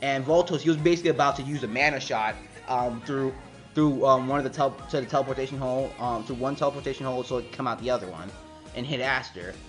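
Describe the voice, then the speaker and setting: A man's voice: medium pitch, fast, soft background music. Rambling man recapping a comic chapter. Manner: rambling, many fillers and restarts. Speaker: manga reviewer.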